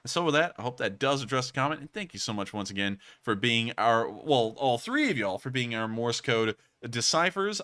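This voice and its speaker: Bright, energetic male stream host. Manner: energetic, keeps his voice pushed high. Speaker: livestream host. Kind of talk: live stream news commentary.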